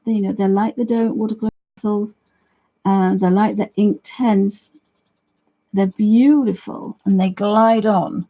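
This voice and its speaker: A woman's voice: medium pitch, fairly even intonation, normal speed, slightly rough, dull audio. A woman hosting a casual live painting lesson, chatting to viewers with friendly asides and frequent restarts. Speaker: art tutor, livestream host. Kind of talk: casual live craft demonstration.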